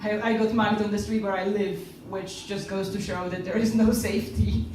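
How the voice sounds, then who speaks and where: A woman from Poland, speaking with a Polish accent, does a stand-up set on a comedy club stage and performs other people's lines within her stories. The echoey room is recorded from far off, with faint music behind her mid-range, a little mellow voice, which shows little pitch movement at a moderate pace.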